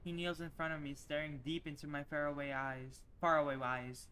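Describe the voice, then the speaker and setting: A young woman streamer reading a visual novel aloud, narrating softly and slowly, with emotional asides to chat. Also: sits low, flat delivery, slight background noise. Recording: music playing underneath.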